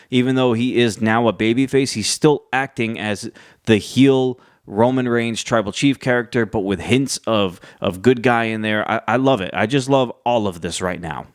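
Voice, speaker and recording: A man's voice: mid-range voice, clean tone, dry recording, clean studio sound. A man casually recapping a wrestling show, chatty, with many fillers and restarts. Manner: chatty, acts out quotes in lively voices.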